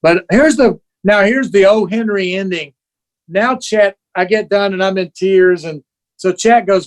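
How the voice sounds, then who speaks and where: Animated older male storyteller. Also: high-pitched, moderate pace. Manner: animated storyteller who acts out quoted voices. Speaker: guest musician. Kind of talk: storytelling interview.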